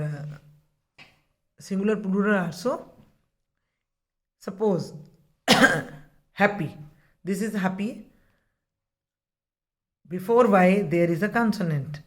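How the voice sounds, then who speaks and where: A woman teaching children grammar. She speaks at a very unhurried pace and stresses and repeats each key word. Her voice sits at an ordinary middle pitch. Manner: slow, deliberate explaining, repeating key words. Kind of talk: classroom grammar lesson.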